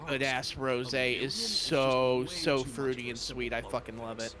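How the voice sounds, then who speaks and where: A man's voice: mid-range voice, a little slow. A man with a Northeastern American accent, chatting animatedly and swearing freely during a let's play, often stammering. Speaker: streamer. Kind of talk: casual chat.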